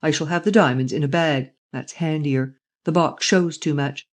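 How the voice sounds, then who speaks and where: A man voicing a suave, mocking gentleman thief who is excitable and quick to laugh. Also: fairly high pitch, natural voice. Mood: scheming.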